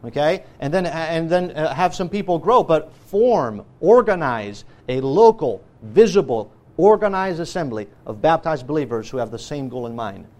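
A man's voice: a little high, a little mellow. A man preaching a sermon, emphatic and listing scripture references point by point. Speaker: pastor. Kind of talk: sermon teaching.

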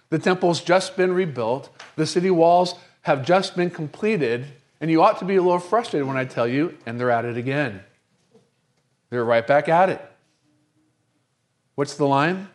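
Man preaching with rhetorical questions. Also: mid-range voice. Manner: rhetorical questions, emphatic slowed phrases. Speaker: pastor. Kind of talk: sermon.

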